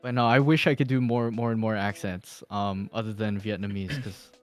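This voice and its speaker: A man's voice: lowish voice, steady tone, normal speed, soft background music. Rambling man laughing through casual chat. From Philippines. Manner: laughs often, rambling with many fillers and restarts. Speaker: podcast guest.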